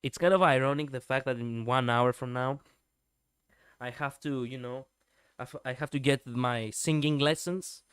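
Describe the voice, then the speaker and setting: A man's voice: medium pitch, normal speed, a bit bright, clear, resonant tone, no room sound. A male streamer giving casual reaction commentary, rambling with lots of fillers and the odd swear word, speaking close to his mic. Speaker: streamer reviewing lore videos.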